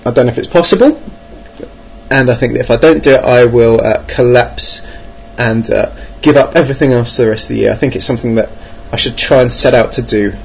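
Talking fairly quickly in a gravelly mid-range voice, this English board game vlogger wanders through a self-mocking monologue about his gaming plans. He's wry and hesitant, with many ums, and the lo-fi recording is dull with faint noise.

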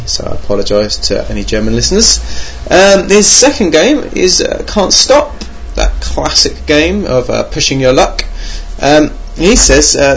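A man's voice: mid-range voice, creaky, slight background noise. A young man hosting a board game podcast alone at his computer, rambling and self-mocking with many ums. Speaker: podcast host. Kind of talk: casual podcast monologue. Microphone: home computer mic.

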